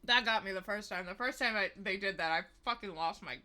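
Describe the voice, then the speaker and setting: A woman's voice: mid-range voice, fairly quick, sharp tone. Sarcastic, foul-mouthed woman streamer. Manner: sarcastic, swears freely. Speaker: livestreamer. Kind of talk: gameplay livestream commentary.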